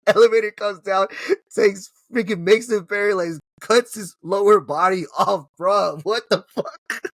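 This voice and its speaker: A man with a slightly high voice talks through a film's plot in a loose, excitable, slangy way, heavy on swearing. The sound is dry and close, with no room echo. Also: moderate pace. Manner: excitable, slangy, profane storytelling with laughs. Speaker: movie reviewer. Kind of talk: casual film recap chat.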